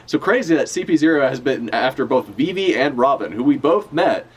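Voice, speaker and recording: Animated, profane man streaming a reaction. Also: medium pitch, a little fast, breathy edge. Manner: animated, casual and profane, laughing often. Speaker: streamer reacting to a manga chapter. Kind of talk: live reaction commentary.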